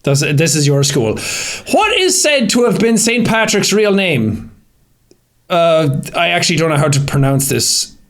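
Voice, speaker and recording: Irish man, fairly high voice, casual podcast chat, animated, swears a lot, laughs often. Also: unhurried. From Ireland. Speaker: podcast co-host.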